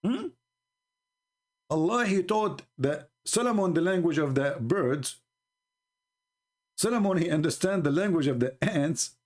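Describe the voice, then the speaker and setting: A man's voice: measured pace, long pauses. Sarcastic man with non-native English. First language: not English. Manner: sarcastic, mocking, animated retelling with bursts of laughter; pitch jumps high for mocking quotes. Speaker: religious commentator. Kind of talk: mocking monologue.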